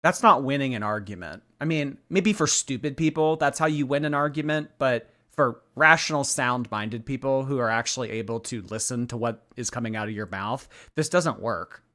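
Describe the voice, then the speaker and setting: A man's voice: medium pitch, normal speed, hardly any pauses, sharp tone. A man hosting a livestream, giving sarcastic, chatty commentary and thanking viewers. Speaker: livestream host. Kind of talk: casual commentary stream.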